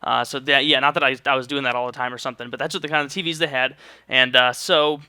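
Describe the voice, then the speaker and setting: A man's voice: mid-range voice, fairly even intonation, fast, bright, forceful tone, smooth, dry recording. A young man from St. Louis, Missouri, telling a rambling, joking story in casual vlog style and swearing freely. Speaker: vlogger.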